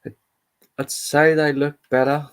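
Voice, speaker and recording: A man's voice: a little high, little pitch movement, measured pace, clear, resonant tone. A young man hosting a live football stream, chatting in a rambling, casual way with lots of fillers. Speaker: livestream football update host.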